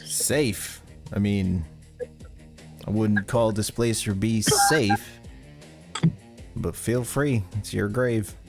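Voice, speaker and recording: A man voicing a laid-back frontier villager who talks slowly and dryly in tabletop role-play. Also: fairly low pitch, steady tone, vocal fry, a little mellow, faint music behind, exaggerated voice. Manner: slow, drawling, dryly unbothered.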